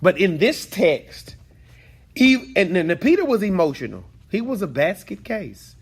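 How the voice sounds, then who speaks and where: Animated man leading Bible study. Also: sits high, unhurried, breathy edge. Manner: animated, repeats phrases, calls on students. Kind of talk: interactive group teaching.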